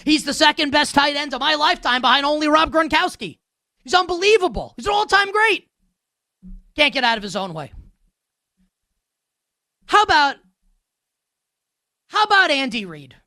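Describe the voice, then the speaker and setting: A sarcastic, ranting man hosts a sports betting show, his high voice leaping all over the place as he drives home his point with repetition. The tone is bright and sharp, recorded dry with no room sound. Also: big pitch swings, normal speed, pauses often, dry recording. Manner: emphatic repetition. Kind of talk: heated sports commentary.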